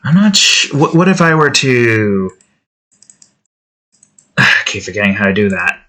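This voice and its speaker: Guy muttering through sound edits for his game, slow unhurried talk, bright tone. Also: lowish voice, very animated. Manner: rambling, self-interrupting, chuckling to himself. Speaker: game developer vlogger. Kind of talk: casual thinking-aloud commentary while editing sounds.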